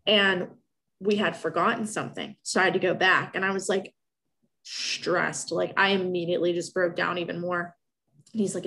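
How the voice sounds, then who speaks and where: A woman's voice: lowish voice, fairly even intonation, moderate pace, vocal fry, sharp tone. A young woman telling a personal story in casual talk, emotional and rambling, with many restarts.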